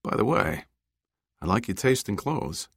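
A man's voice: on the low side, very animated, unhurried, vocal fry, fairly bright tone, no echo, studio quality, exaggerated voice. A man voicing a friendly, stocky cameraman in an audiobook, speaking in a chummy way.

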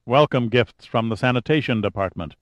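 A man's voice: mid-range voice, brisk, no room sound, natural voice. A man voicing an arrogant, charming male adventurer who talks in a dry, clipped, sardonic way in an audiobook.

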